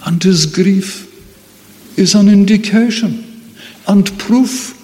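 A man preaching a sermon in a slow, deliberate way, with emphatic repetition. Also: high-pitched, warm tone, big-room sound, low-quality recording.

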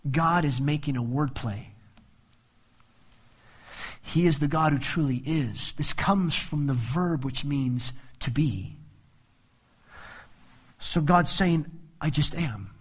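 A man's voice: a little high, slow, long pauses, slightly rough. A man preaching a sermon on a Bible passage, who explains each verse and acts out the quoted voices with humor. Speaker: pastor.

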